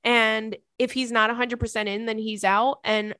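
A woman's voice: fairly high pitch, fairly even intonation, moderate pace, sharp tone, no echo, studio quality. A young woman hosting a podcast, reading listener emails aloud in casual chat and gushing over them. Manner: gushing, effusive, frequent "oh my God". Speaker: podcast host.

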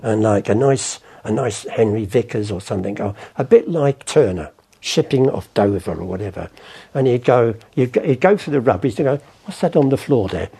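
A man's voice: medium pitch, lively intonation, normal speed, warm tone. An older man, telling rambling stories in an interview and acting out the voices of people in them. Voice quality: gravelly. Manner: rambling, acts out voices in anecdotes. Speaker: interviewee, former art forger. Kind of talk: storytelling interview.

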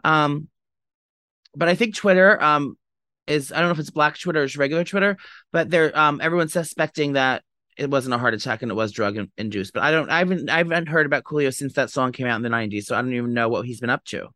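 A man's voice: fairly high pitch, bright, forceful tone, no echo, studio quality. A man co-hosting a podcast, chatting casually in a gossipy, dramatic way. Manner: gossipy, dramatic, quick-talking. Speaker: podcast co-host. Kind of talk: casual chat.

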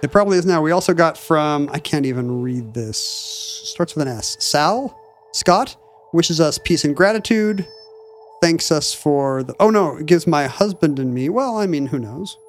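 A man co-hosting a podcast, riffing quickly and wryly in casual chat. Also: a little high, lively intonation, soft background music. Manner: quick, wry, talkative riffing. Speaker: podcast co-host.

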